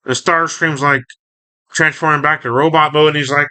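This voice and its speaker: A man's voice: medium pitch, steady tone, normal speed, bright, forceful tone, clean tone. A man casually reading and reviewing a comic book, recapping the story in a rambling, self-correcting way.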